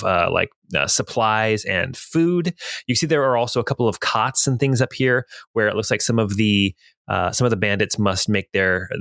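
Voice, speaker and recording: A man narrating as game master in a tabletop role-playing game, describing scenes in a relaxed way with fillers. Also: on the low side, dry recording, studio quality.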